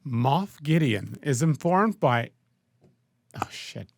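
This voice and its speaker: A man co-hosting a casual podcast, laid-back and quick with joking asides. His voice sits at an ordinary middle pitch. The recording is close and dry. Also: lively intonation, creaky, no room sound. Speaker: podcast co-host.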